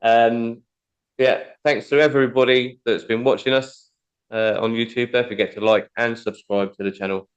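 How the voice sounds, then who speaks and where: A man's voice: medium pitch, level tone, normal speed. A man hosting a podcast, wrapping up casually with fillers. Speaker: podcast host. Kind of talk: casual chat. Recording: dull lo-fi audio.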